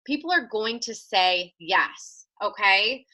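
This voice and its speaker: A young woman leads a training session with lively enthusiasm. Her voice sits high and sounds bright and crisp, and she talks quickly. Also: rough recording. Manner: enthusiastic, animated, acts out quotes. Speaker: business trainer. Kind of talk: training talk.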